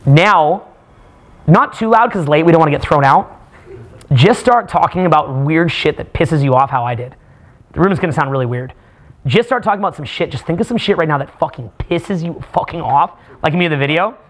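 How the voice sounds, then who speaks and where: A man leading a live workshop for a small group, talking in a profane, animated way with mock rants. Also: on the high side, fairly quick. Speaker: seminar speaker.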